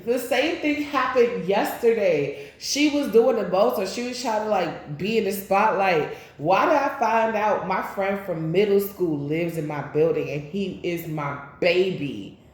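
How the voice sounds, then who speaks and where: A woman doing a tarot reading, talking in a loose, chatty, profane way with sudden loud bursts. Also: mid-range voice, expressive, measured pace, few pauses. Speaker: tarot reader. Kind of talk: casual spiritual reading and storytime. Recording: very echoey room.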